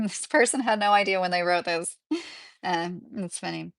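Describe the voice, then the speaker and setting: A woman reading a book aloud slowly and deliberately, breaking off now and then with delighted asides. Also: lowish voice, fairly even intonation, vocal fry, no echo.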